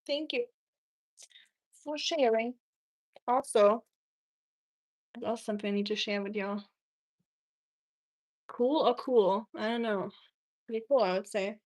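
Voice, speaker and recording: A woman's voice: a little high, steady tone, moderate pace, pauses often, darkish tone. A young woman hosting a casual cooking live stream, chatting with viewers and reading their messages aloud, from Germany. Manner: chatty, reads chat aloud, frequent ums.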